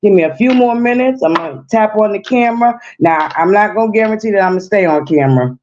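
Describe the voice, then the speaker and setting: A woman's voice: medium pitch, expressive, fast, a little mellow, a little hiss or hum. A woman hosting her own livestream in a casual, chatty way, talking straight to her viewers. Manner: chatty, repeatedly addresses viewers directly. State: slightly out of breath. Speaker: livestream host. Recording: dull lo-fi audio.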